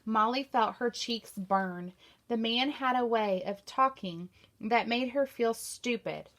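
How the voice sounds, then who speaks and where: A woman teacher reading a novel aloud to her class in a steady storytelling manner. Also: fairly high pitch, slow pace.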